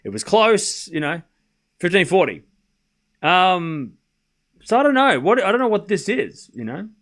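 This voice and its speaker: In casual livestream commentary on tennis, the host rambles between score calls, tossing his chat rhetorical questions and sarcastic remarks. He speaks a little slowly in a high, sing-song, slightly bright voice.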